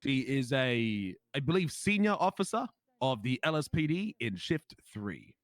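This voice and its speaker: A man's voice: medium pitch, big pitch swings, measured pace, no echo. A man with an Australian accent playing a police officer in a role-play game, telling his story in an indignant, emphatic way.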